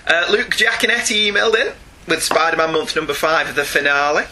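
A man's voice: a little high, animated, sharp tone, slight background noise. A middle-aged British man co-hosting a podcast, reading out listener emails in a chatty manner with frequent laughs. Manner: chatty, slows down and laughs often. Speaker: podcast co-host.

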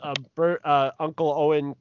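A man's voice: a little high, little pitch movement, normal speed, clean tone, no echo. A man co-hosting a podcast, chatting casually and rambling with laughs as he reviews a film. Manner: rambling, laughs while talking. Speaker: podcast co-host. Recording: dull lo-fi podcast audio.

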